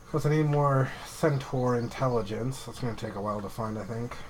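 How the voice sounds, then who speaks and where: A man streaming a video game, chatting and joking with viewers in a relaxed, self-mocking way. His voice has an ordinary middle pitch, with a faint hum of background noise behind him. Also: fairly quick. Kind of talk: casual gameplay commentary.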